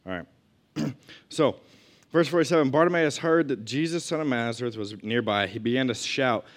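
A man's voice: medium pitch, expressive, moderate pace. A man teaching a Bible lesson to a group in a conversational way, reading scripture and adding asides and questions.

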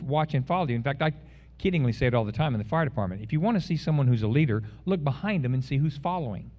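Middle-aged male preacher, folksy, self-deprecating, stumbles over openings, slightly dull recording. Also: fairly high pitch. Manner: folksy, self-deprecating, repeats words when starting. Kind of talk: sermon.

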